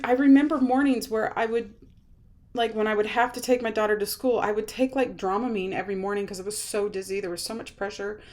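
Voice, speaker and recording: A woman in her thirties telling her own illness story to camera, rambling and halting with many fillers and restarts. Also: on the high side. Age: 30s.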